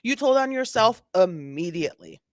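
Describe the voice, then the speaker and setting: A woman's voice: a little high, very animated, moderate pace, no echo, clean studio sound. A woman hosting a casual commentary on bodycam footage, sassy and exasperated, repeating her points. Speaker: host.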